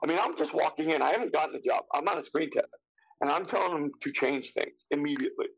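Raspy, gravelly man in his fifties. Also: on the high side, fast talker, lo-fi sound. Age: 50s. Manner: animated, acts out quotes of others, casual swearing. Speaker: actor guest. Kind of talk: casual anecdotal storytelling.

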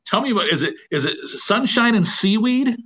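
Guy hosting a podcast, upbeat and easygoing, bright voice. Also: high-pitched, animated, moderate pace, husky. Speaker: podcast host. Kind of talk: casual podcast interview.

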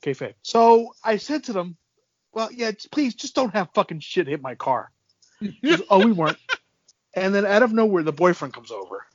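A man's voice: high voice, sing-song, normal speed, lo-fi sound, noisy background. A man telling a neighbor story in casual chat on a call, profane and wisecracking.

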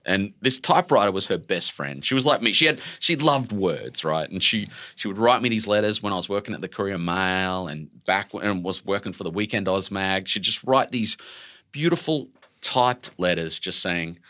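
A man in his forties with an Australian accent, a guest telling stories in an animated way, full of "like" and casual swearing. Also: low-pitched, moderate pace. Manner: expressive, fills speech with "like", swears casually. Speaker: author guest. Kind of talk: animated conversational storytelling.

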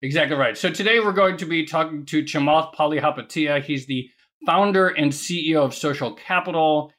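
Male co-host, slightly raised pitch, chatty interviewer with restarts. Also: a little fast, fairly bright tone. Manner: chatty, asks questions with restarts. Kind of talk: interview hosting.

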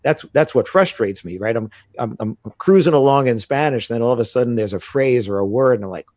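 An American man talking casually in an interview, telling animated stories about learning a language. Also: medium pitch, fairly quick, dry recording. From United States. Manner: animated storytelling with laughs. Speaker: guest. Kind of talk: casual conversation.

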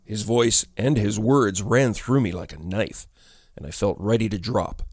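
A man narrates a ghost story in a low, measured voice, taking each sentence deliberately. The sound is close and dry, with no room around it. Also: darkish tone, no echo.

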